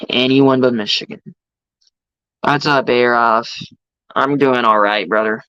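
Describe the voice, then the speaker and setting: A man's voice: mid-range voice, fairly even intonation, measured pace, sharp tone, clean tone, no echo. A man on a casual live stream, ranting about college football, swearing heatedly and greeting chat viewers. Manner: profane, heated sports ranting. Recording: dry, slightly dull mic sound.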